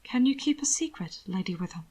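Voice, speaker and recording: A woman voicing an earnest young gentleman who speaks gently and sincerely. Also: mid-range voice, lively intonation, brisk.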